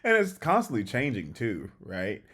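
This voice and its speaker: Medium in pitch with a breathy edge and normal pace, another male co-host of a relationship podcast keeps things casual. His relationship talk comes through lively anecdotes where he performs the quotes himself.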